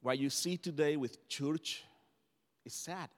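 A man's voice: a little high, takes it slowly. A man whose first language is Spanish, preaching a conversational sermon as pastor, often restarting his phrases. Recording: long hall reverb.

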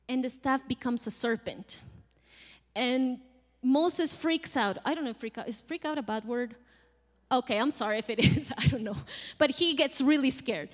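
A woman giving a sermon in a conversational, animated way, acting out quotes and laughing now and then. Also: a little high, big-room sound. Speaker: preacher.

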